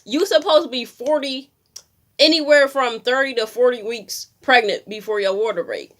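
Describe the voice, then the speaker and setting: A woman's voice: on the high side, normal speed, a bit bright. A young woman telling a personal story in a candid, slangy way, acting out what people said. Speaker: vlogger. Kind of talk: casual storytime.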